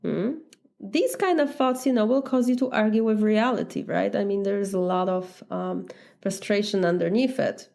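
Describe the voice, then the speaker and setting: A woman's voice: medium pitch, fairly even intonation, moderate pace, gravelly, a little mellow. A woman with a Polish accent, a life coach talking in an earnest, conversational podcast monologue, now and then laughing. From Poland.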